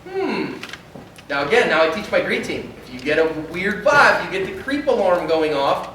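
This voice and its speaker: A man who is a pastor, giving an animated conference talk and acting out little dialogues. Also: high voice, moderate pace, slight background noise. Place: large conference hall. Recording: echoey hall from far off.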